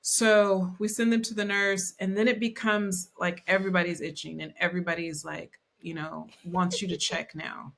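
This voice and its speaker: A woman teacher co-hosting a podcast in casual chat, animated and quick to act out children's voices. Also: on the low side, gravelly.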